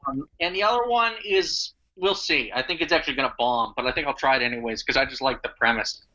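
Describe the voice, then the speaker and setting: A man's voice: medium pitch, quick pace, pushed and bright. A man, a stand-up comedian, chatting loosely with other comics and trading crude jokes. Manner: laid-back, rambling, trades crude jokes. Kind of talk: casual chat among comedians. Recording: dull lo-fi sound.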